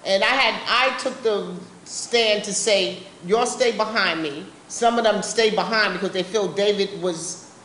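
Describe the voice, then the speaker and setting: A woman's voice: medium pitch, measured pace, a bit bright. Impassioned, blunt woman in a roomy hall. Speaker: panel speaker at a public forum. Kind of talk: personal testimony at a public talk. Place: meeting room at a live public event. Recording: roomy live-event recording with faint background noise.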